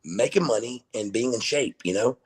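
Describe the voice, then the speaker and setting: A man's voice: mid-range voice, normal speed, slightly rough. A middle-aged man, a wrestler guest on an interview show, telling stories and acting out the dialogue. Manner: animated storyteller who acts out quoted dialogue. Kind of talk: casual storytelling interview.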